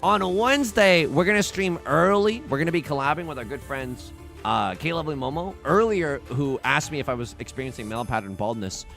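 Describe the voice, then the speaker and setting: A man's voice: fairly high pitch, expressive, fairly quick, gravelly, a bit bright. A young man streaming, chatting casually and rambling with self-mocking jokes while he plays. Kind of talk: casual livestream chat while playing. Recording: faint music behind.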